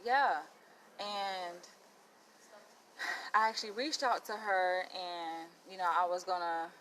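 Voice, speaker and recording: A woman's voice: fairly low pitch, bright, forceful tone, slight background noise, poor audio. A young adult woman, chatting to her viewers and retelling a story with lots of quoted dialogue. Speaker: vlogger.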